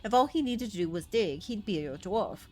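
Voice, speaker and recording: A woman voicing a gruff, blunt older male dwarf chief with a put-on rough folksy accent, reading game dialogue. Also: medium pitch, lively intonation, moderate pace, warm tone, soft background music, lightly acted. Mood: wry.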